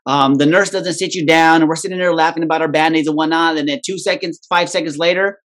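A man's voice: fairly high pitch, steady tone, fast talker, a bit bright. A man on a podcast telling a long personal story in casual chat. He swears freely, laughs at himself and tags nearly every sentence with "right?".

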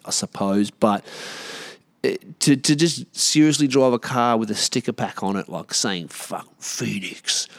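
An Australian man in his late thirties, a podcast host, ranting alone in a rambling, profane, sarcastic way. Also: lowish voice. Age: 30s. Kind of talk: solo rant.

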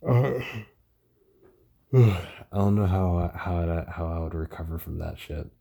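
Man, young adult, tired, rambling, stutters, swears, mellow dark voice, casual podcast. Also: deep voice, slow, gravelly. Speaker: podcast host. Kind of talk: casual solo podcast about a TV show.

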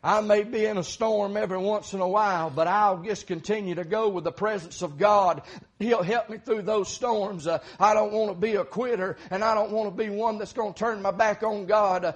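A middle-aged man delivers a sermon in a strikingly high voice. He swings between quiet, close talk and fervent, shouted preaching. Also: steady tone, moderate pace.

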